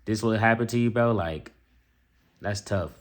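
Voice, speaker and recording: A young man reacting to a clip, mocking it bluntly in loose slang. His voice sits slightly low. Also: moderate pace. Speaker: reaction video host. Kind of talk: casual reaction commentary.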